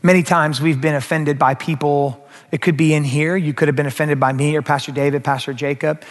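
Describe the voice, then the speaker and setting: A male pastor delivers a sermon in a rather high voice. He is animated and often speaks straight to his listeners. His words ring out with the long reverb of a large hall. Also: brisk. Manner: animated, acts out quoted voices, addresses the crowd directly. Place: church sanctuary.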